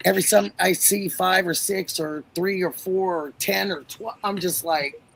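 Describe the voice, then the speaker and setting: A woman hosting a casual livestream over a video call, talking in a chatty, drawn-out storytelling way. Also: fairly low pitch, vocal fry, husky, poor audio. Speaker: livestream host.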